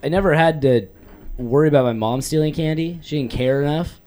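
A man's voice: a little high, brisk, dark tone. A young man co-hosting a casual chat, joking and laughing through his stories.

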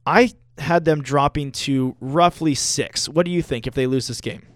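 Clear-voiced young man on sports radio. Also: a little high, moderate pace, no echo, clean studio sound. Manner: excitable, gloating fan talk. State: out of breath. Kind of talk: live sports radio talk. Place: radio studio.

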